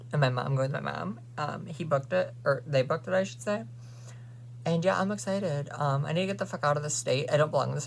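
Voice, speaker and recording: Fast-talking sassy young man with vocal fry. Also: on the high side, slight background noise. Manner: sassy, profane, ranting. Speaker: vlogger. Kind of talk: casual rant to camera.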